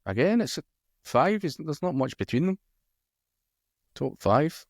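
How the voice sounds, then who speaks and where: A man's voice: on the high side, measured pace, gravelly, no echo, clean studio sound. A man co-hosting a casual darts podcast, chatting loosely and reading out match results between chuckles. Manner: relaxed, chuckles often, reads out match results. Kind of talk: casual chat.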